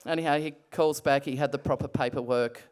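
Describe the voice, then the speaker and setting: A middle-aged Australian woman retelling a personal story in an animated, breathless way, full of restarts. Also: extremely low pitch, fairly quick, clear, resonant tone. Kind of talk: casual spoken storytelling.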